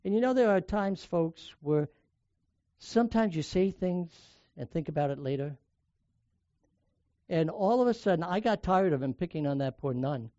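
An older man from the United States preaches in a fairly high voice, spinning personal stories and leaning hard into some lines while dropping others low. The recording is dry and a little muffled, with no room sound. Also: lively intonation, normal speed, dark tone, no room sound. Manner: conversational storytelling, varies volume for emphasis. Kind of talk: sermon with personal story.

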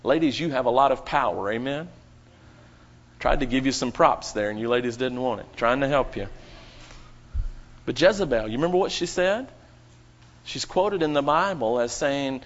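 A man's voice: medium pitch, moderate pace, a bit bright, dull audio. A man preaching a sermon to his congregation, with dramatic rising and falling emphasis.

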